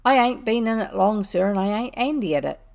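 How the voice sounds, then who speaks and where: A woman voicing a big, rough male burglar, wheedling and sullen. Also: mid-range voice, expressive, a little fast. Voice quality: husky.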